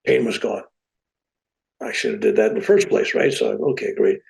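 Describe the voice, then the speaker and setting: A man, a podcast guest, telling a personal story in a casual, animated, plain-spoken way. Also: fairly low pitch, brisk, gravelly, poor audio.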